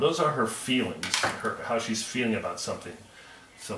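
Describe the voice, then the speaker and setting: A man's voice: lowish voice, moderate pace, reverberant, distant mic, noisy background. A male teacher reading a story aloud and patiently explaining it to his class.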